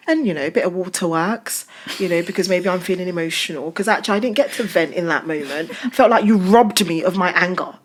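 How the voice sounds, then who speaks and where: A woman's voice: lowish voice, fairly quick. A woman pastor from Britain in casual chat, telling stories emphatically and expressively. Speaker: pastor and guest.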